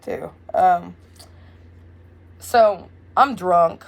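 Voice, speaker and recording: A young woman telling a wild story in a casual, blunt, profane way, loud and animated. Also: lowish voice, very slow, creaky. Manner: blunt, profane, swears freely. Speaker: vlogger.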